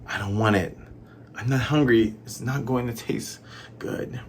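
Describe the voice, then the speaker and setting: A man voicing a frail, sick young woman who pleads in a raised voice and sulks quietly. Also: mid-range voice, unhurried, slight background noise, close to an everyday voice. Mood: sulky.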